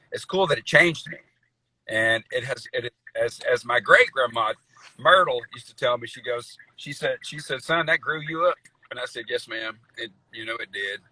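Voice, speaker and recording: A man's voice: mid-range voice, pushed and bright, breathy edge, no room sound, low-quality recording. A middle-aged man, telling stories in a folksy, rambling way, full of fillers, on a video call interview. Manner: folksy storyteller, says y'all, many fillers. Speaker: guest country singer. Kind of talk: casual interview chat.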